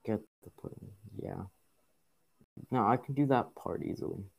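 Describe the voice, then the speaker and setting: A man with a fairly low voice talks over his gameplay, muttering and complaining whenever things go wrong. His commentary stays casual as he curses at the game and urges his characters along. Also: normal speed, vocal fry, husky. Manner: frustrated, grumbling, swearing at the game. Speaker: gaming YouTuber.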